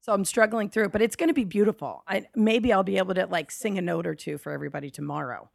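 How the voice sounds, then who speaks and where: A woman hosting a podcast, her voice hoarse and heavily gravelly with plenty of fry. She speaks at a middling pitch with upbeat encouragement, recorded in a music studio. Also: fast. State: hoarse morning voice. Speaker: podcast host. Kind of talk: casual interview chat.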